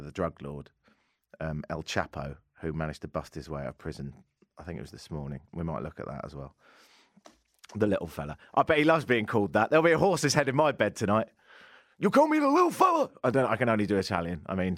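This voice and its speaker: A man's voice: low-pitched, no room sound, studio quality. A man hosting a talk radio show, rambling, jokey and self-deprecating. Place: radio studio.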